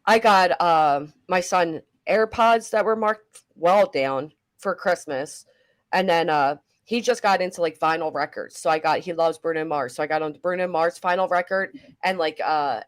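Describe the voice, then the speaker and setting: A middle-aged woman hosting a casual reaction chat, chatty and animated, swearing casually. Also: lowish voice, normal speed. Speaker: commentary host.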